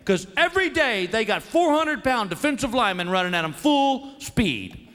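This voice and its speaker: A man on stage voicing a blunt, gym-obsessed male trainer, flat and matter-of-fact. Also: very high voice, moderate pace, in a large hall, voice pushed up, full character voice. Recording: live show with crowd laughter.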